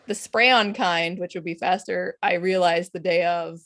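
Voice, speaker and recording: Woman moderator, rambling and chatty, slightly low voice, casual stream Q&A. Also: steady tone, unhurried, a bit bright. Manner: rambling, chatty, often laughing. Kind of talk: casual panel chat.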